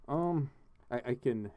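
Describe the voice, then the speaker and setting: A livestream host with a warm, medium-pitched voice broadcasts casually from his home studio. Chatty and giggly, he reads the chat and donations aloud, thanks donors, and laughs often.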